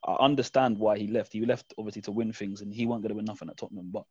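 A man's voice: on the low side, steady tone, rapid-fire, warm tone, breathy edge, dry recording, muffled recording. A young man, chatting candidly and reflectively with fillers on a podcast. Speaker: podcast guest fan. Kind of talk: casual chat.

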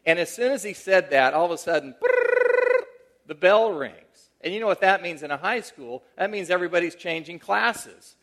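A middle-aged male pastor preaching a sermon, telling a personal story in a conversational way that swings from animated emphasis to a hushed, tender tone. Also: high voice, fairly quick, few pauses.

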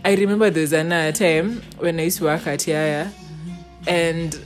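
A young adult woman tells a story in casual conversation, animatedly acting out the quotes within it. Her voice is low and her speed normal, with music playing in the background.

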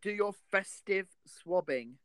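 A man co-hosting a comedy show, bantering in a jokey, animated way with quick asides. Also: sits high, clean tone, dry recording.

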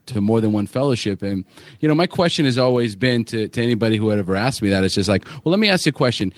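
A middle-aged man hosts a podcast panel in a blunt, joking way, swearing freely as he talks. His voice sits at an average pitch. The recording is dry and close. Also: no echo. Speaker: podcast host. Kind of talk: casual panel discussion.

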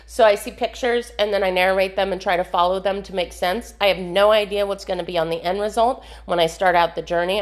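A woman's voice: mid-range voice, fairly even intonation, brisk, few pauses, roomy sound. A woman talking casually through her meditation practice, chatty and rambling, with frequent laughs and fillers. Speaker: spiritual practice vlogger. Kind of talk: casual spoken meditation walkthrough.

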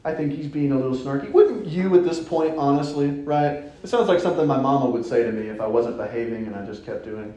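A man preaching a lively, playful sermon in a church. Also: medium pitch, quick pace, hardly any pauses. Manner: animated, playful, acts out voices. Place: church sanctuary. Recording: echoey church room.

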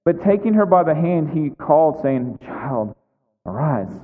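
A man with a fairly high voice preaches a sermon and acts out the voices of the people in the story as he tells it. His voice carries the long reverb of a large hall. The sound is thin and phone-like. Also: expressive, normal speed.

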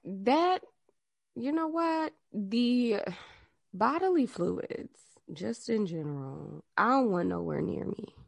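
Gravelly-voiced woman on a podcast, blunt and sweary, dry sound. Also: medium pitch, lively intonation, takes it slowly, dry recording. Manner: blunt, emphatic, profane. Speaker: podcast co-host. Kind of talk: casual chat.

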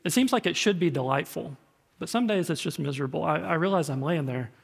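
A man's voice: a little high, expressive, fast talker, vocal fry, husky. A male pastor preaching a sermon in a conversational, storytelling way, often repeating words. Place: church sanctuary. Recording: echoey hall reverb.

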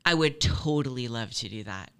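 A woman's voice: very deep voice, expressive, normal speed, clean tone. A woman guesting on a podcast, blunt and profane, talking about hard work and going after goals. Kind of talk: casual interview chat.

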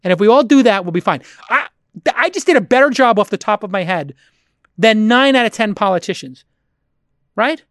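A man's voice: high-pitched, lively intonation, fairly quick, a bit bright, no echo, clean studio sound. A middle-aged American man on a podcast, ranting in a heated, profane, emphatic way. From United States. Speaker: podcast guest.

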